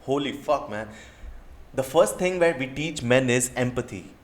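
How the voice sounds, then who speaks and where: A man's voice: medium pitch, animated, measured pace, echoey room. An indignant man with an Indian English accent rants straight to camera. He is a dating coach firing off rhetorical questions and casual swearing in a heated reaction video.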